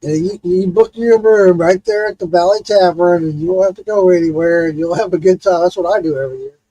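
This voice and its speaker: A man's voice: sits high, brisk, dry recording, poor audio. A man hosting a livestream, telling stories in a loose, casual chat and swearing freely. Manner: animated storytelling, swears freely. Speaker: livestream host.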